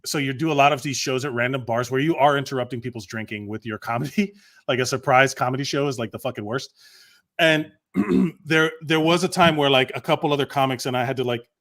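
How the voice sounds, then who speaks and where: A man who is a comedian and podcast co-host, talking in an animated, profane way and laughing often in casual chat. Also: mid-range voice, a little fast.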